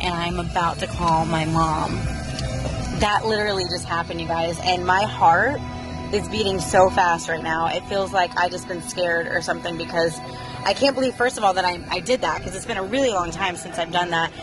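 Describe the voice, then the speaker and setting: A woman's voice: lowish voice, steady tone, moderate pace, over music. A woman in her thirties chatting to her viewers in an emotional, rambling way, with sighs as she talks. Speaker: vlogger. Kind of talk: casual personal chat to viewers. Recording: clear vehicle noise behind the voice.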